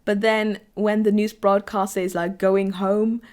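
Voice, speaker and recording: A woman's voice: medium pitch, flat delivery, measured pace, darkish tone, clean tone. A woman vlogger chatting casually about anime, rambling with many fillers and restarts, and getting teary when something moves her. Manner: rambling, full of fillers, laughs and gets teary. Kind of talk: casual chat.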